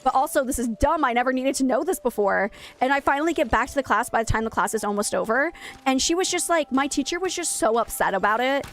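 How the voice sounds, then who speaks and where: A woman's voice: high-pitched, expressive, quick pace. A young woman streamer chatting casually while gaming, telling a rambling, self-mocking story.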